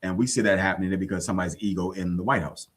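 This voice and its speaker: Low, husky earnest man. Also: steady tone, very fast. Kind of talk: casual faith talk show chat.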